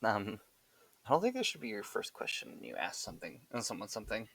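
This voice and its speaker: Male streamer, lowish voice, casual wry gameplay chatter. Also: huge pitch swings, fast, gravelly, a bit bright, breathy edge. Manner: wry, chatty reactions to the game. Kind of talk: casual live gameplay commentary.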